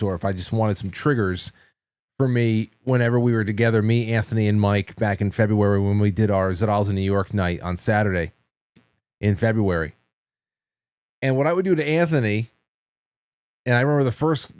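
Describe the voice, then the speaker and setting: A man's voice: lowish voice, darkish tone, dry recording. Rambling, chuckling talk show host man. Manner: rambling storyteller, breaks into laughter, quick repeated restarts. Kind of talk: casual late-night call-in chat.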